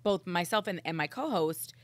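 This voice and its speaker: A woman's voice: lowish voice, expressive, moderate pace, no echo. A woman who co-hosts a podcast and a morning radio show, talking in an intense, blunt, profane way in a casual chat. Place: studio.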